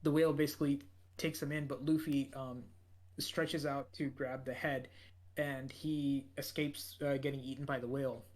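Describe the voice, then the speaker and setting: A man's voice: mid-range voice, little pitch movement, normal speed, a little mellow. A man co-hosting a podcast, recapping an anime episode in a rambling way, full of fillers and restarts. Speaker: podcast co-host.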